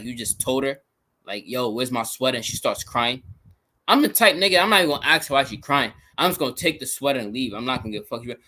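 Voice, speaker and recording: A man hosting a reaction video, giving blunt, profane running commentary on a show. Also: medium pitch. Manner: blunt, profane, animated rants.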